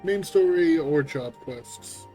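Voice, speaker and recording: A man's voice: on the high side, expressive, slow, dark tone, faint music behind. A man streaming a game, chatting casually and joking about what happens on screen. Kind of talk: casual live-stream commentary.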